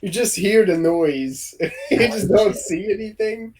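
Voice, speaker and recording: A man as game master, narrating a tabletop game over a voice call in a relaxed way with many pauses and ums. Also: high voice, a little hiss or hum, low-quality recording.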